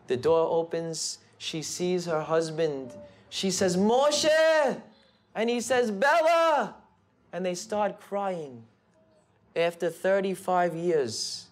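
A rabbi telling a story in a sermon, animated and building excitement. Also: male voice, on the high side. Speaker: rabbi and speaker.

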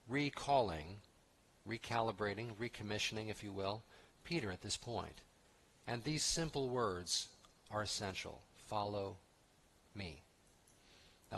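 A man's voice: fairly low pitch, fairly bright tone, husky. A man pastor giving an expository sermon in a conversational, emphatic way, with restarts and asides.

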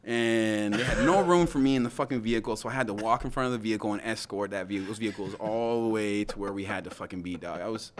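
Profane, animated man telling war stories. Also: fairly low pitch, fast talker, few pauses, slight background noise. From United States. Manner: profane, animated storytelling with acted-out quotes. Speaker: podcast guest. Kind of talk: casual storytelling.

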